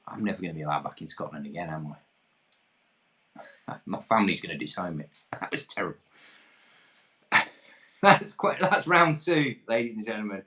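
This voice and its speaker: Low male quiz host with a sing-song, expressive delivery who pokes fun at himself. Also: moderate pace, long pauses. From England. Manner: jokey and self-deprecating. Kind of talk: hosting an online pub quiz.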